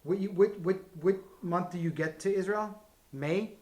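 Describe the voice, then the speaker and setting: Interviewer man, slightly high voice, roomy echo, probing questions. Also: moderate pace, noisy background. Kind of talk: oral history interview.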